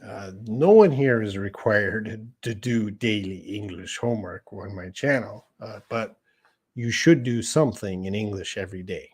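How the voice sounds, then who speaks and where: A middle-aged man hosting a live English class, talking in an easy, conversational way as he reads out questions from the chat. His voice sits fairly low, and he explains things plainly and patiently. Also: a little slow, slightly rough. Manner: casual and conversational, reads viewer questions aloud and answers them. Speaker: English teacher. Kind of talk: live-streamed lesson answering chat questions.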